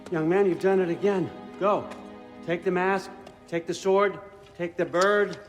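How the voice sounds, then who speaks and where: A man's voice: high-pitched, steady tone, measured pace, long reverb tail, soft background music. An actor playing a commanding older male god who gives curt orders in a video game cutscene.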